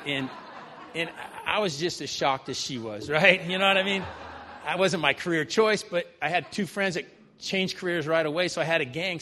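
Before a live audience, a man shares a personal story conversationally, constantly tagging on "right?". His voice is on the high side, pushed and bright. The sound carries the long reverb of a large hall plus a little hiss or hum.

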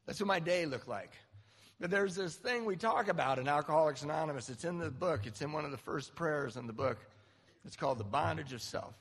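A man sharing a candid, self-mocking recovery story to a group, with halting restarts. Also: a little high, lively intonation, a bit bright, slightly rough, in a large hall. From Southern California. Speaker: recovery speaker. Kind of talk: personal story talk.

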